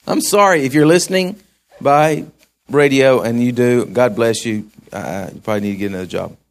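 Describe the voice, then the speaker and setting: A man's voice: medium pitch, moderate pace. A man preaching a sermon in a folksy way, with asides to the congregation. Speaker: pastor.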